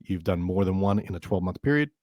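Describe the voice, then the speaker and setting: Man, middle-aged, low voice, chatty radio host, emphatic asides, dry studio sound. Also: animated, fast talker, a little mellow, no room sound. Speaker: financial advisor and podcast host. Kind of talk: casual radio-show explainer.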